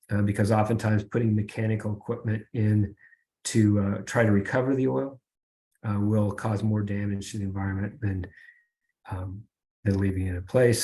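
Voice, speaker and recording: A middle-aged man giving a webinar presentation over a video call, pausing often with fillers and restarts. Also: on the low side, darkish tone. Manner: halting, many fillers and restarts.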